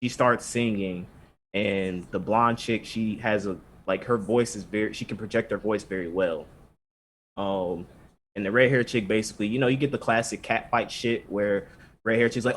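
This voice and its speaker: A man's voice: on the low side, steady tone, normal speed, a bit bright, a little hiss or hum. A man co-hosting a casual podcast, retelling an episode in a loose, joking way and acting out the characters' lines. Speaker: podcast co-host. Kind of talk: casual anime recap chat.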